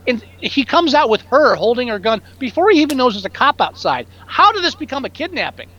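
A man co-hosting a casual movie-review podcast, animated and jokey, sometimes mimicking lines from the film. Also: very high voice, a little fast, muffled recording. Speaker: podcast co-host.

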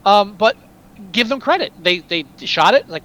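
A man co-hosting a casual film discussion, animated and profane, often trailing off and restarting mid-sentence. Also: high-pitched, fairly quick.

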